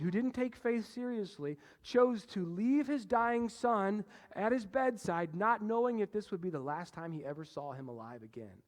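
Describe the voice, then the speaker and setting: A man preaching a sermon as pastor, animated, moving between loud emphasis and hushed low passages. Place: church sanctuary. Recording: long reverb of a church hall.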